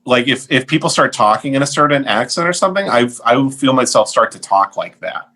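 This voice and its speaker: A man co-hosting a comedy podcast, riffing quickly with his friends. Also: mid-range voice. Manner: animated, quick riffing banter. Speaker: podcast co-host. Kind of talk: casual comedic chat.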